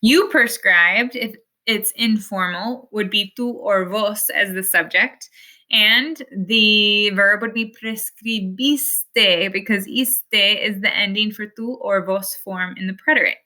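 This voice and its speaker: A woman's voice: mid-range voice, slow pace, bright, forceful tone. A woman, teaching a recorded Spanish lesson over slides, explaining patiently step by step.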